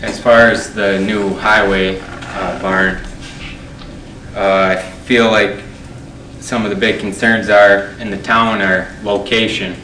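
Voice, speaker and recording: A man running for highway superintendent, answering slowly and hesitantly. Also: a little hiss or hum. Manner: slow, flat, hesitant. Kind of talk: unscripted forum answer. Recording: roomy hall, far from mic.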